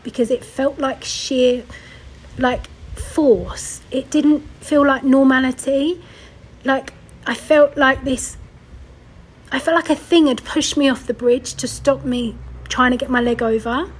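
A woman's voice: high-pitched, steady tone, measured pace, a little hiss or hum, rough recording. A young woman hosting a podcast, telling a personal story in a tearful, rambling way, sighing and correcting herself as she goes. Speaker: podcast host.

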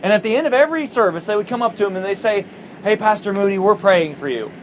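Male pastor, higher voice, animated sermon delivery with faint traffic hum behind. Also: fast, rough recording. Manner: animated storytelling, acting out quoted voices.

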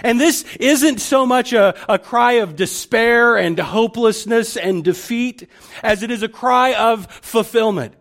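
A man's voice: extremely high pitch, a little slow, a bit bright. A male pastor giving a conversational sermon, often restarting and repeating words as he thinks aloud.

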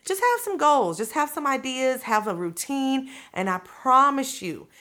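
A woman's voice: high voice, big pitch swings, measured pace, sharp tone. A woman hosting her own podcast, giving a casual, motivational talk to listeners in a direct, coaxing, slangy way, checking in with "okay?" and "you know what I'm saying?". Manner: colloquial, slangy delivery. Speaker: podcast host.

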